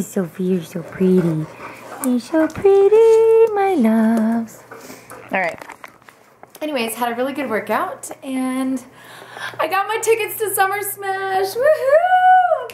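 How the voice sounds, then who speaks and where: Chatty young woman vlogging at home on a camera mic, bubbly and all over the place, a bit of faint hiss. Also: on the high side. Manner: bubbly, rambling, talks to her dogs in a baby voice. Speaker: fitness vlogger. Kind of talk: casual vlog chat to camera.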